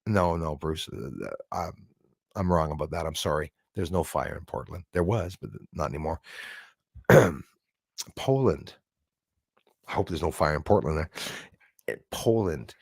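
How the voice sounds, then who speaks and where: A man's voice: a bass voice, animated, moderate pace, creaky, pauses often, husky, no room sound, studio quality. A man hosting a livestream, chatting in a rambling way and thanking viewers by name. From Canada. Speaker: livestream host. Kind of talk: casual livestream chat.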